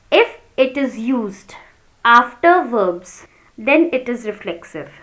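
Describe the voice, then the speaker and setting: A woman teaching a grammar lesson to children, talking slowly and deliberately and spelling words out letter by letter. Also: a little high, a bit bright, low-quality recording.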